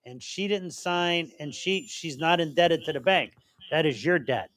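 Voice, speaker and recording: A man's voice: a little high, measured pace, a bit bright. An older man hosting a call-in show, answering legal questions and then chatting and telling stories with acted-out quotes. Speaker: radio show host giving legal advice. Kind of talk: call-in advice and casual storytelling.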